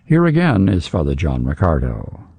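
A male program host reading a scripted introduction in a measured announcer manner. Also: deep voice, huge pitch swings, vocal fry, darkish tone, slightly rough, no room sound.

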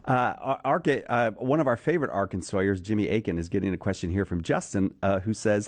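A man's voice: lowish voice, fast talker, few pauses, no room sound. A man hosting a radio show, joking and self-mocking, laughing often as he bantered. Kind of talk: casual studio banter.

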